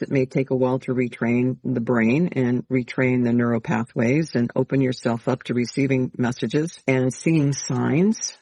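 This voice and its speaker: A man hosting a casual podcast conversation as a medium, talking in a calm, measured, explanatory way. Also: mid-range voice, no room sound.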